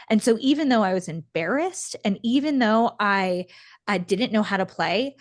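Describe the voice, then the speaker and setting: Animated woman telling a story. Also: mid-range voice. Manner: animated storyteller, acts out quoted voices. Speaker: podcast co-host. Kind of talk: casual storytelling chat.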